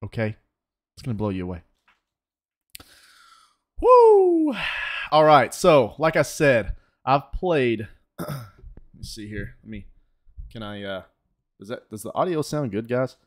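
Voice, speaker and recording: A man streaming a storm-chasing game live, hyped up, shouting thanks to donors and sometimes out of breath. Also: mid-range voice, animated, moderate pace. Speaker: gaming streamer.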